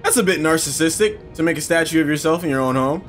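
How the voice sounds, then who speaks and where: A man's voice: a little high, quick pace, fairly bright tone, soft background music. A young man casually commenting on gameplay, joking and sarcastic toward the characters. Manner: jokey, sarcastic, mocks the game characters. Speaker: gaming channel host.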